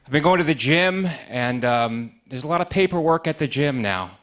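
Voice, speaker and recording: A man doing a stand-up comedy set with deadpan punchlines in a TV studio. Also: on the high side, normal speed, some chatter behind.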